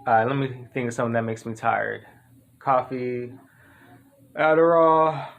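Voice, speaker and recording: A man's voice: mid-range voice, fairly even intonation, unhurried, vocal fry, narrow, tinny audio. A man performing a comedy sketch dialogue, trading slangy, profane street banter.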